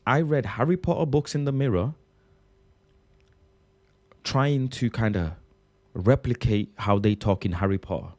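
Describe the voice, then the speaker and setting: Speaking slowly-ish with long pauses in a fairly low voice, a young comedian from Bangladesh delivers an animated, slangy monologue in British English. He keeps saying bro and breaks into bursts of laughter.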